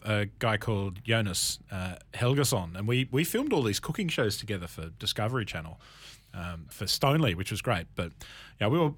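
A man hosting a wine talk show on radio, telling animated anecdotes in casual chat. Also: on the low side, no echo. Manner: animated storyteller, lively anecdotes with laughs. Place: radio studio.

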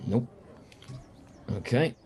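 A man playing a tabletop game, musing out loud about his character's actions with many fillers. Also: drawn-out words, a little hiss or hum. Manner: musing, thinks aloud with fillers. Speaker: player. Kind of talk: casual tabletop game play.

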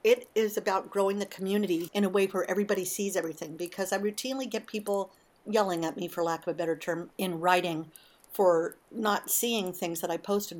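A woman hosting a casual morning monologue, talking in an animated, emotional way with frequent asides. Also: lowish voice. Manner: warm, emotional, animated storytelling. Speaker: podcast host.

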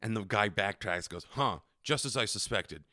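A man with a low but lively voice, spinning a crude, animated story on a casual podcast. His tone is bright and forceful, recorded dry and close. He jumps into quoted voices and swears freely. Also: normal speed, no echo. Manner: profane, animated anecdote teller. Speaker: podcast co-host.

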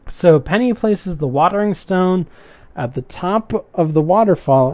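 A man's voice: fairly high pitch, warm tone, dry recording. A man giving a casual recap of a show's episode, adding chatty asides and his own opinions. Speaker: show recapper.

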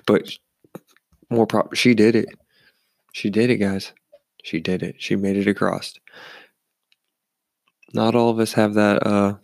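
Gravelly man telling bar stories. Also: on the low side, dry recording. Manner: rambling and animated, with many restarts. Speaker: former bartender telling stories. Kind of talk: casual storytelling. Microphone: studio microphone.

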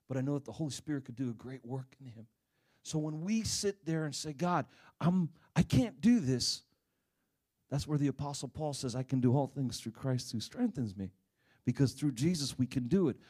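A middle-aged man preaching a sermon, animated, swinging between loud bursts and hushed stretches as he acts out the people in his stories. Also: mid-range voice. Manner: animated, dramatic swings in volume, acts out quoted voices.

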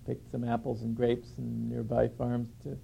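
Gravelly, flat-toned reminiscing man. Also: mid-range voice, faint music behind, rough recording. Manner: thoughtful, halting with fillers. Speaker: former draft resistance organizer. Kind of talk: reflective reminiscing.

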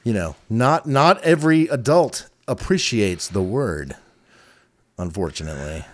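Man, mid pitch, lively sing-song delivery, chatty podcast storytelling. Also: unhurried. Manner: animated storyteller, many fillers. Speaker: podcast co-host. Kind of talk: casual chat.

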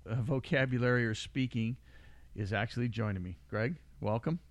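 In a small studio room, a middle-aged man hosts a podcast, chatting casually in a medium-pitched voice at normal speed on a dry recording. He rambles and jokes, laughing often.

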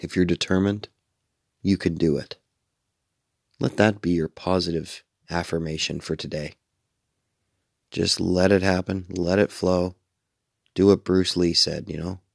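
A man's voice: deep voice, fairly even intonation, a little slow, vocal fry, pauses often, no echo, studio quality. A middle-aged man hosting a late-night radio show, tired and sleepy, rambling casually and swearing freely. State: sleepy, yawning.

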